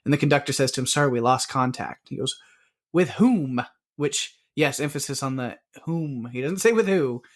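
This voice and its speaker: Rambling man co-hosting a podcast. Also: mid-range voice. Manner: rambling, many "like"s, quick laughs. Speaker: podcast co-host. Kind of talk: casual movie review chat.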